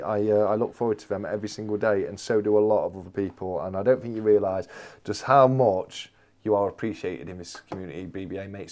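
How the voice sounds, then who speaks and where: A man's voice: fairly low pitch, a little mellow. A man hosting a casual live chat, answering viewers and repeating his phrases with plenty of "mate.". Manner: chatty, repeats phrases, calls everyone mate. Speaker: livestream host.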